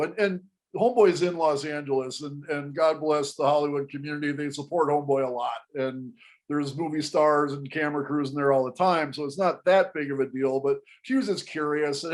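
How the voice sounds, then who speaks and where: A man telling a story to an interviewer in casual panel talk, animated and often restarting his sentences. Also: fairly high pitch, normal speed. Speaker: guest storyteller.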